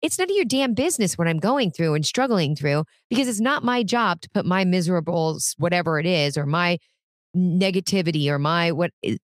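A woman's voice: on the low side, lively intonation, brisk, no room sound. A woman co-hosting a casual podcast chat, talking earnestly and frankly. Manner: earnest and frank, many restarts. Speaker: podcast co-host.

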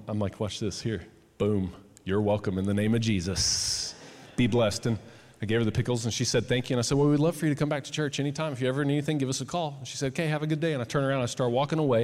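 A man's voice: mid-range voice, a little mellow. A man pastor telling a personal story in a conversational sermon, then building to an impassioned call to his congregation. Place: church auditorium. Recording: long hall reverb.

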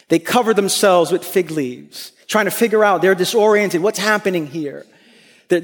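High-voiced preacher in a reverberant hall. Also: male voice. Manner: animated storytelling, acts out voices. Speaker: pastor. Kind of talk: sermon.

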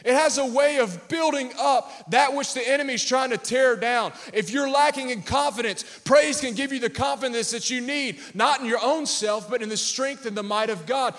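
A man's voice: extremely high pitch, a bit bright. A man in his thirties preaching a sermon with energy, humor and call-outs to the congregation. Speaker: pastor.

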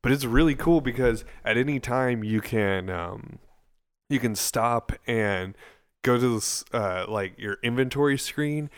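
Smooth-voiced young man explaining eagerly. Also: mid-range voice, a little slow. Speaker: podcast co-host. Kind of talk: casual chat.

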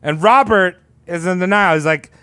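A man's voice: sits high, normal speed, pushed and bright, smooth, dry recording. A man casually telling a crude story on a podcast, rambling and acting out quotes. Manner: rambling, profane, acts out quotes.

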